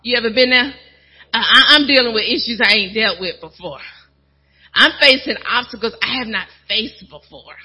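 A husky, middle-aged woman preaches a testimony to her church, lively and full of playful asides. The recording is muffled and lo-fi. Her pitch sits in an ordinary middle range for a woman. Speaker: first lady of a church, preaching. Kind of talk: sermon testimony.

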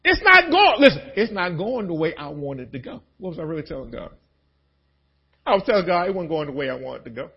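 A male pastor preaching a sermon in an animated, dramatic, conversational way. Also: on the high side, quick pace, creaky, slightly rough, muffled recording.

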